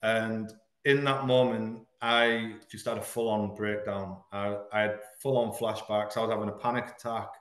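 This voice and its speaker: A man from Hull, frankly telling a painful personal story as a podcast guest, halting at the hardest moments. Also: lowish voice, flat delivery, a bit bright, reverberant. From Hull, England. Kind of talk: candid personal storytelling in an interview.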